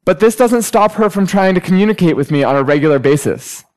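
A young man delivers a sermon in a smooth, clear voice that sits a little high for a man. He mixes teaching with personal stories and acts out everyday conversations with animated energy. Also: quick pace, low-quality recording. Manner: storytelling, animated when acting out conversations. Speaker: preacher.

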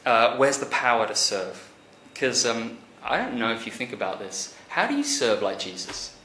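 A man preaching a conversational sermon, animated, rising to emphatic peaks and then dropping quiet. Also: mid-range voice, normal speed, a little hiss or hum. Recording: echoey church hall recording.

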